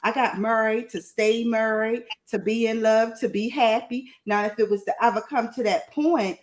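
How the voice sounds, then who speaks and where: Animated Southern woman, bright voice. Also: a little high, moderate pace. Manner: animated, laughs often. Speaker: panel guest. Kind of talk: candid panel talk.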